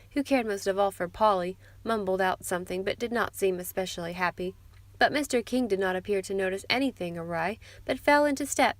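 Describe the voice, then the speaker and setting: An audiobook narrator with a medium-pitched voice reads scripted narration in a measured, even storytelling manner, with no room sound.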